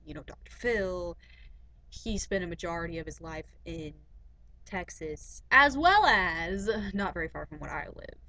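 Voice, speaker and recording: A woman's voice: fairly low pitch, a bit bright, low-quality recording. A teenage girl giving a casual, rambling webcam rant, chatty and full of fillers and asides. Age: teens.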